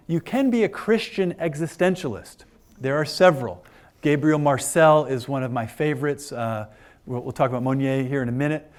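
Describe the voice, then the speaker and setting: A man giving an informal philosophy lecture to a class of older adults, chatty and joking with frequent fillers. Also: mid-range voice. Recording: lecture room.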